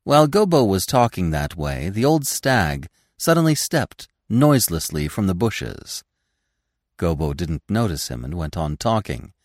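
A man narrating a classic animal story in an expressive, deliberate reading. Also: very deep voice, no echo, clean studio sound. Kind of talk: scripted audiobook narration.

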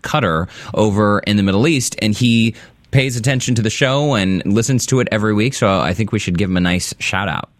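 A man's voice: low-pitched, fairly bright tone, dry recording. A man co-hosting a podcast, chatting casually about a TV episode and laughing often. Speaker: podcast co-host. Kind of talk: casual TV recap chat.

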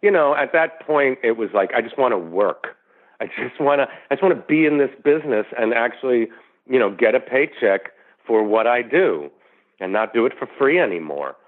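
A middle-aged actor talking as an interview guest, rambling through anecdotes with lots of "you know" restarts. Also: male voice, mid-range voice, lively intonation, normal speed. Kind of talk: casual interview storytelling. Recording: tinny phone line.

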